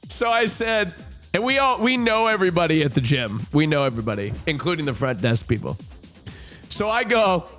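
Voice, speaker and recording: High, animated man chatting on stream. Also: moderate pace, long pauses, faint music behind. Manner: profane, repetitive storytelling addressing chat. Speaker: livestreamer. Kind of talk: casual live-stream chat.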